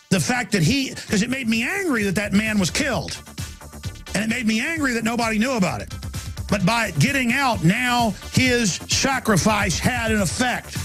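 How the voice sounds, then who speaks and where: A man hosting a talk radio show delivers an impassioned, ranting monologue, his voice swinging from shouts down to low murmurs.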